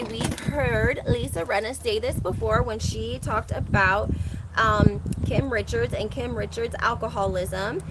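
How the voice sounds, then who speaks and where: A woman's voice: a little high, a bit bright, slight background noise. A woman with a Southern American accent hosting a casual gossip livestream, chatty and opinionated, often laughing between her points. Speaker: reality TV recap host.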